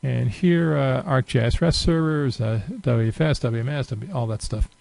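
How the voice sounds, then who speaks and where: Man, software tutorial narration, relaxed, filler-heavy, mid pitch, dry close sound. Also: normal speed, creaky, no echo, rough recording. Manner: relaxed, thinking aloud with many fillers. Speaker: software demonstrator. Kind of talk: screen-recorded software tutorial.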